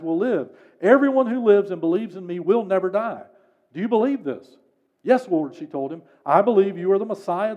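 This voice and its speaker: A male pastor preaching a sermon and reading scripture aloud, pressing key words with emphasis, then letting the ends of his lines fall soft and low. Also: highs cut off.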